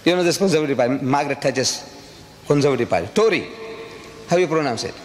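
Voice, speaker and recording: A South African man delivers a public lecture in a mid-range voice, speaking at a racing pace. He talks emphatically and keeps firing off rhetorical questions. The recording comes from a reverberant hall with faint ambient noise.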